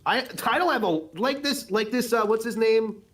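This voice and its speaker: High pitched guy getting defensive in a heated chat, swears a lot. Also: moderate pace, a bit bright. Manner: defensive, argumentative, swears often.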